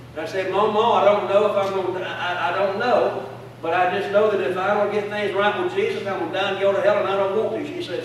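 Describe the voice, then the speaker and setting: A man's voice: sits high, a little hiss or hum. A man preaching a sermon with fervent call-and-response in a church. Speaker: pastor. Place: church sanctuary. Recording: echoey church hall from a distance.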